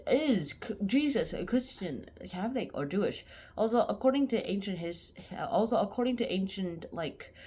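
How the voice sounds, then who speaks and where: A woman casually retelling a short story in her own words, rambling and often correcting herself mid-sentence. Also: medium pitch. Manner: rambling, self-correcting, chatty.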